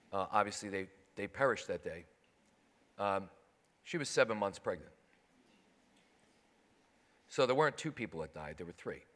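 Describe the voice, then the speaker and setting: A man on a conference panel giving a heartfelt personal account, halting and earnest. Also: fairly low pitch, fairly bright tone. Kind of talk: personal testimony. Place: conference hall. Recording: long hall reverb.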